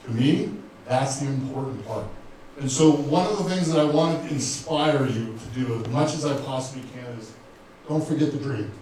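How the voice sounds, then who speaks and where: A man's voice: medium pitch, a little mellow, slight background noise. Guy in his 50s giving a heartfelt pep talk, sounds far from the mic, big echoey room. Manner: earnest, repetitive, emotional, addresses the crowd directly. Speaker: speaker at a business event. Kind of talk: motivational talk to a live audience. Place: event room with audience.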